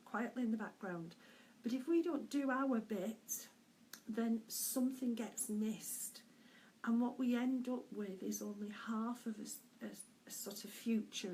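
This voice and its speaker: A middle-aged woman speaks as a spiritual medium in a fairly high voice, taking her time over every phrase. Her delivery is gentle and searching, with soft laughs and small hesitations. A faint hiss sits under the voice. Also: low-quality recording. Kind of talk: weekly spiritual message, casual and unscripted.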